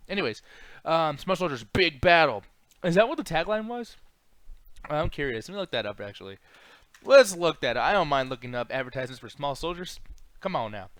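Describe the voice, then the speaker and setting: A man's voice: fairly high pitch, big pitch swings, a little fast, a bit bright, no echo. Slangy young man chatting on a stream. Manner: loose, slangy, talks to chat, sing-song greetings. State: throat a bit rough. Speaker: streamer host. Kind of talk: casual live-stream chat.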